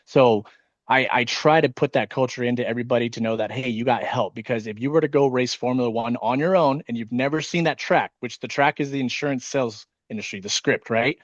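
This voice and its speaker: A man who leads an insurance sales team talks casually on a video call, fast and nervous from caffeine, swearing often. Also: medium pitch, no room sound, dull audio. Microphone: video call microphone.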